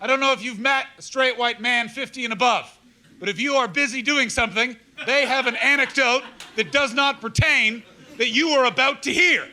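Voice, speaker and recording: A man in his thirties telling stand-up stories on stage, animated, breaking into mock crying and voices. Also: very high voice, moderate pace. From Canada. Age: 30s. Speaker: stand-up comedian. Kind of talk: stand-up comedy storytelling. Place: live comedy club stage. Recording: live room with clear crowd noise. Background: audience laughter.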